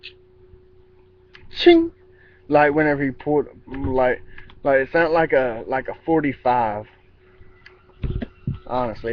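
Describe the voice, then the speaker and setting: A man telling a rambling story outdoors in casual vlog style, with restarts and mimicked sound effects. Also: mid-range voice. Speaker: vlogger. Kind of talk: casual spoken anecdote. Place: outdoors in a yard. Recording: dull lo-fi with faint outdoor ambience.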